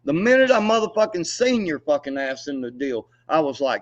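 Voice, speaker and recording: A man's voice: on the high side, big pitch swings, a little fast, hardly any pauses, highs cut off. A man, angrily ranting and taunting with profanity on a livestream. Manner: angry, profane, taunting, laughs mockingly. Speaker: livestream co-host. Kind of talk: heated livestream rant.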